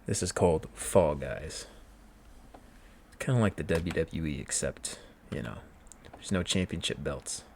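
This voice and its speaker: A man's voice: extremely low pitch, animated, measured pace, vocal fry, long pauses, darkish tone, a little hiss or hum. A man chatting casually at home while studying and gaming, rambling with self-mocking asides. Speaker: vlogger studying for an exam.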